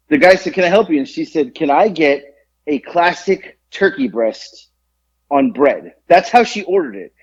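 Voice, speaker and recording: A man chats casually on a podcast, spinning a story and acting out every quote. His voice is a bit husky and slightly high, and it swings through a wide range. The audio sounds dull and lo-fi. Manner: animated storyteller, acts out quotes with big pitch jumps. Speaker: podcast co-host.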